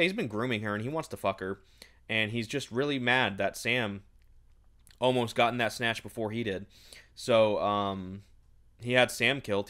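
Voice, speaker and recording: Sarcastic male book reviewer, low voice, exasperated, casual ranting. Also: a bit bright.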